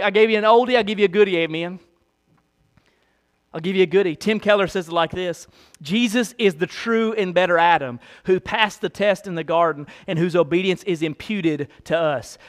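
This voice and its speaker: Pastor guy preaching, high voice, reads long quotes then ramps up loud and emphatic. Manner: swings from low reading voice to high emphatic preaching; reads long quotations aloud. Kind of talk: sermon.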